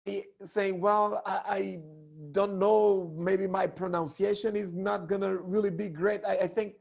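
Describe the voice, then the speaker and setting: Man teaching public speaking, hoarse, husky, raspy, high voice, swooping animated delivery. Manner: animated, swoops between high and low tones. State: hoarse, voice cracked from overuse. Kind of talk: online lesson.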